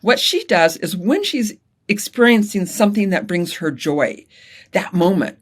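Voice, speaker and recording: A middle-aged woman speaking as a guest coach in a casual interview, animated and enthusiastic. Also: mid-range voice, a little slow, breathy edge. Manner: animated, enthusiastic, laughs often.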